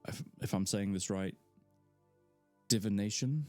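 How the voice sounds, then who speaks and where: A man's voice: lowish voice, normal speed, darkish tone, no room sound, faint music behind. A man reading a fantasy novel aloud live, narrating with casual asides. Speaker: audiobook reader.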